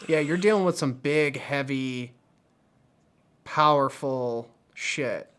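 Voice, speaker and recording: A man's voice: medium pitch, slow pace, a bit bright, clear, resonant tone. A man on a casual livestream chat who mostly adds short questions and remarks. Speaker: guest co-host.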